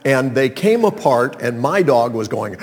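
A man from North Carolina telling a personal story to an audience in an animated, sermon-like way. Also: mid-range voice, unhurried, slight background noise. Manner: animated storyteller, acts out calls and sounds. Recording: long reverb of a large hall.

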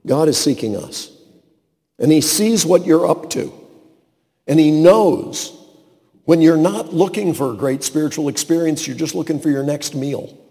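A man preaching a sermon, swinging between booming emphasis and hushed asides and acting out the voices he quotes. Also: a little slow, long reverb tail.

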